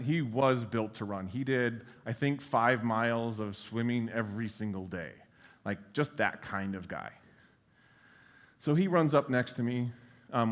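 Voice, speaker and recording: Male keynote speaker, mid-range voice, relaxed and self-mocking, plenty of "um"s, long hall reverb. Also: mid-range voice. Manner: casual and self-deprecating, with frequent fillers and blunt swearing. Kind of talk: conference keynote talk. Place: large conference hall.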